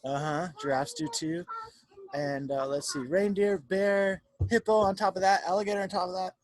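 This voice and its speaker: A male teacher reading a picture book aloud to young children over a video call from home, narrating in an animated way and checking in with them. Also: high voice, normal speed, slight background noise. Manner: warm, animated storyteller who keeps checking in with the children.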